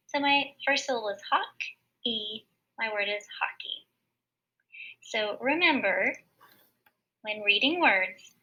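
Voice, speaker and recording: A woman teacher giving a recorded word study lesson for children, patiently sounding out syllables slowly and clearly. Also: a little high, sharp tone, dull audio.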